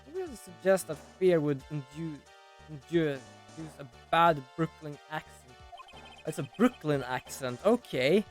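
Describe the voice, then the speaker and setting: A man streaming a game, tossing out casual, rambling asides between lines he reads. He talks quietly and offhand, with faint music playing underneath. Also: on the high side, sing-song, unhurried. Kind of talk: casual gameplay commentary.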